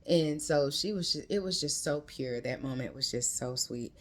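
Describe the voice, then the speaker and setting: A woman's voice: sits low, normal speed. A woman retelling a novel's plot in a casual book review, rambling with many "um"s and "like"s. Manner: rambling, chatty, heavy use of "um" and "like"; retells the story with quoted lines.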